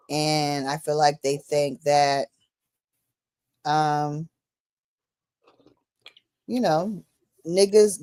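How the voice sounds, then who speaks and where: A woman in a casual discussion, telling a story in an animated way and acting out the dialogue. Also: on the low side, no echo, clean studio sound.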